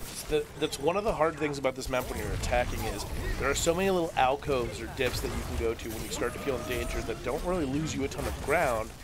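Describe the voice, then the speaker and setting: A man's voice: medium pitch, fast talker. A man doing play-by-play commentary on a college esports match, joking with his co-caster between plays. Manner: joking banter with co-caster, then steady play analysis.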